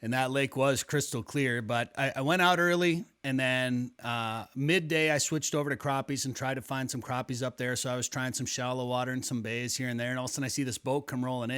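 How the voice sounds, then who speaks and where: Bright-voiced rambling Midwestern host. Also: male voice, mid-range voice, clear, resonant tone. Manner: rambling storytelling with many restarts. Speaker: podcast host. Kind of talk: casual conversational interview.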